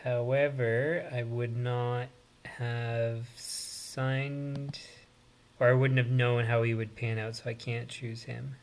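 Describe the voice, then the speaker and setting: A man hosting a live stream, thinking aloud in an unhurried way with pauses and fillers. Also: mid-range voice, level tone. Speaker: host. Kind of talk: casual live-stream commentary.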